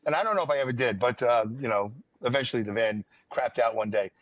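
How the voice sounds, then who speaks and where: A man's voice: mid-range voice, fast talker, fairly bright tone, dry recording. A man, hosting a podcast and telling rambling, wry stories in casual chat. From New York area, US. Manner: rambling, wry storyteller with many fillers. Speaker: podcast host. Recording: dull lo-fi dry sound.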